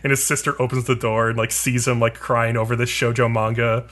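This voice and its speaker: A man's voice: medium pitch, level tone, a little fast, fairly bright tone. A man co-hosting a podcast, casually recapping an anime episode in a rambling, filler-heavy, profane way. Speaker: podcast co-host.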